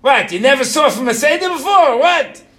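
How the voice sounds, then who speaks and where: A man voicing an impatient, incredulous Brooklyn man who is scolding a child, loud and high. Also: lively intonation, moderate pace, exaggerated voice.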